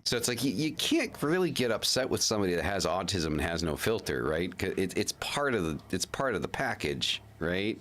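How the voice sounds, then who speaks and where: A man's voice: deep voice, very animated, a little fast, few pauses, a bit bright. A man hosting a livestream, chatting casually in a rambling way with restarts and casual swearing. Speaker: livestream host.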